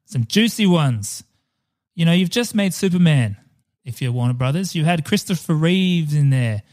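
A man's voice: fairly high pitch, expressive, normal speed, darkish tone. A man co-hosting a casual movie podcast, chatting in a jokey way, swearing and wandering off on tangents. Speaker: podcast co-host. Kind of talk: casual film podcast chat.

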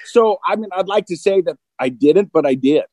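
Mid-forties male guest, mellow, dark timbre, open and self-deprecating storyteller, dry close recording. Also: sits high, animated, moderate pace, dry recording, poor audio. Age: 40s. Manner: open and self-deprecating, acts out both sides of dialogue. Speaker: guest recounting recovery. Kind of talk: candid conversational storytelling.

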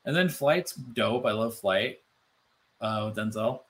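A man co-hosting a casual podcast chat, animated and loose, full of "like" fillers and swearing. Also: on the low side, measured pace. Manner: animated, swearing, many "like" fillers, mimics voices. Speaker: podcast co-host.

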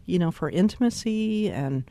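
A woman's voice: on the low side, lively intonation, moderate pace, mellow, dry recording. An older woman, a podcast guest, telling reflective stories with many fillers like "uh" and "you know.". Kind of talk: conversational podcast talk.

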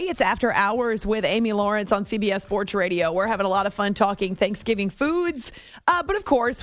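On a studio microphone with no room sound, a woman from the Southern US with a mid-range voice hosts casual sports talk radio, reading out listener messages while chatting and laughing.

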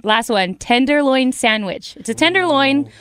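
A woman's voice: sits high, expressive, moderate pace, a bit bright, smooth, no echo. Upbeat woman radio co-host, dry sound. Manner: upbeat, chatty. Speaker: radio co-host, trending segment. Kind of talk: morning radio banter.

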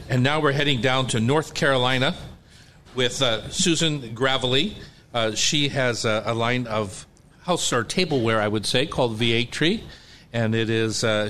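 A man's voice: medium pitch, a bit bright, slight background noise. A man hosting a radio cooking talk show, with a loose delivery full of fillers.

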